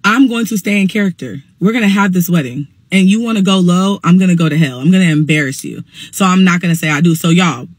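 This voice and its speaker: A woman's voice: lowish voice, quick pace, few pauses, breathy edge, no room sound. A young adult woman telling a heated storytime, blunt, profane and emphatic. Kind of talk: casual storytime monologue.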